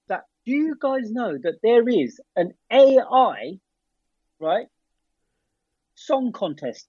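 A man's voice: high voice, a little mellow, husky, no room sound, lo-fi sound. A man co-hosting a podcast, earnestly explaining his point in casual banter. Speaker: podcast co-host.

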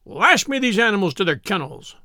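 A man's voice: high-pitched, sing-song, fairly quick, bright, forceful tone, dry recording, studio quality, heavily acted. A man voicing a stern, arrogant nobleman who speaks sharply and commandingly in an old-fashioned storybook tale. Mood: cold.

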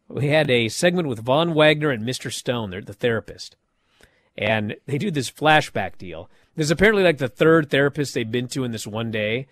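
This podcast host, a man, goes over wrestling events in a laid-back chat, spinning animated stories and imitating the people he's describing to mock them. His voice is mid-range and the audio carries no echo.

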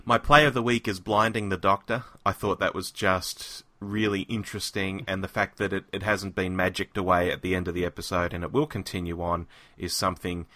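A man's voice: low-pitched, level tone, brisk, hardly any pauses, bright, forceful tone, no room sound. A man co-hosting a podcast and giving an enthusiastic, conversational episode review on a close mic. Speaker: podcast co-host. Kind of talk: casual review chat.

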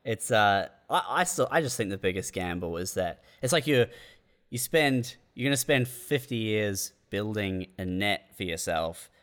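A man's voice: on the low side, fairly bright tone, smooth. A man musing through dry tangents in a casual comedic chat as podcast co-host.

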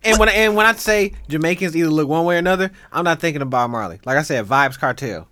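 A man in casual podcast chat, telling stories in an animated, profane way and often breaking into laughter. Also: fairly high pitch, fast talker, no echo.

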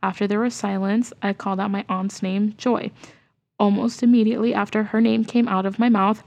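A woman's voice: mid-range voice, steady tone, a little fast, gravelly, a little mellow, dull audio. A woman co-hosting a podcast, reading a listener's ghost story aloud in an earnest way and getting emotional as she reads. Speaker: podcast co-host.

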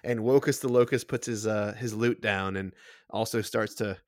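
A man's voice: fairly low pitch, steady tone, moderate pace, no echo, studio quality. A man narrating a tabletop game as game master, laid-back and amused.

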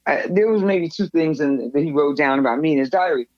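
A woman guest telling stories in a casual interview, lively and acting out what others said. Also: sits low, a little fast, dry recording. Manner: animated storyteller, acts out others' lines. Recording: dull lo-fi recording.

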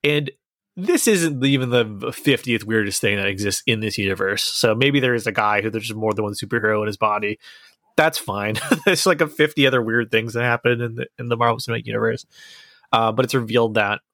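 A man's voice: fairly low pitch, fairly quick, a bit bright, no echo, studio quality. A man chatting casually as a podcast co-host, enthusiastic and rambling as he reviews a TV series. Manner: enthusiastic, rambling, restarts sentences.

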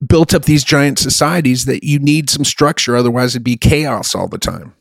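A man's voice: mid-range voice, moderate pace, vocal fry, breathy edge, no room sound. Podcast host, man, swears a lot, emphatic and rambling, dry close sound. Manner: profane, emphatic and rambling, with a playful streak. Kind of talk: casual chat.

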